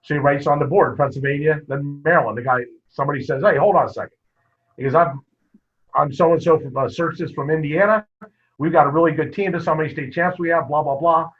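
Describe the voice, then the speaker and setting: A man, a wrestling coach, telling stories in a casual interview, lively and full of quoted dialogue. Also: a little high, fairly quick, slightly rough. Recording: muffled lo-fi podcast audio.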